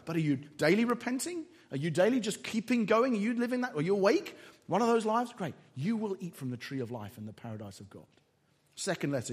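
A man preaching a sermon in an energetic, emphatic way, often checking in with the listeners by asking "right?". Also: a little high, breathy edge.

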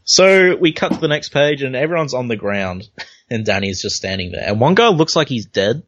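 A man's voice: mid-range voice, big pitch swings, moderate pace, a bit bright. A man hosting a casual comic book chat, easygoing, walking through the panels step by step. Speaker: podcast host. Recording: dull lo-fi recording.

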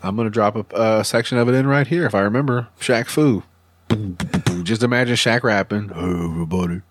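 A man hosting a casual podcast chat, swearing a lot and telling stories with loud mocking quotes. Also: on the low side, fairly quick, over music. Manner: profane, animated storytelling with loud mock-quotes. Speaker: podcast host.

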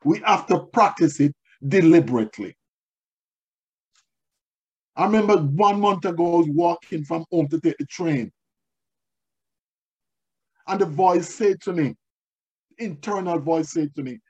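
A man's voice: a little high, a little slow, pauses often, a little mellow, husky, lo-fi sound. A man preaching a sermon as pastor, telling personal stories and repeating key phrases for emphasis. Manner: tells personal stories to make points.

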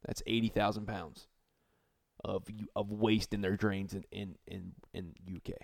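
A man's voice: on the low side, steady tone, a little slow, gravelly, no room sound, studio quality. A man in his thirties co-hosting a podcast, relaying odd news with wry, swearing casual chat. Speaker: podcast co-host.

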